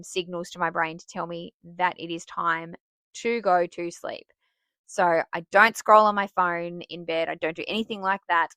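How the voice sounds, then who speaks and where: A woman's voice: fairly low pitch, no room sound. A woman hosting a podcast for teachers, giving casual advice in a chatty way and laughing at herself. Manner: chatty and self-laughing, with bursts of excitement.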